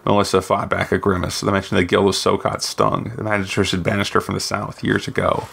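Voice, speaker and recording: A man narrating a fantasy story from his own book, in a steady, measured reading. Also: low-pitched, gravelly, slightly rough. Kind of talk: scripted narration.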